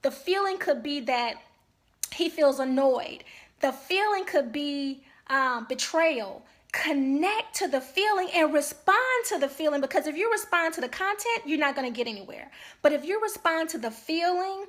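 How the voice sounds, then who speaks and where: A woman's voice: high voice, lively intonation, moderate pace, fairly bright tone. A woman marriage counselor giving an earnest, emphatic talk to couples, often checking in with "okay?".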